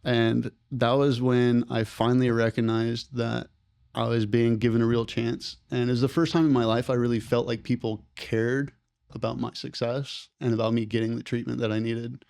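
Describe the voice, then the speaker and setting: A young man, a former program participant, telling his story in a casual, rambling way on a podcast and getting animated when he quotes others. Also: medium pitch, normal speed, vocal fry, clear, resonant tone, no room sound, studio quality. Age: young adult.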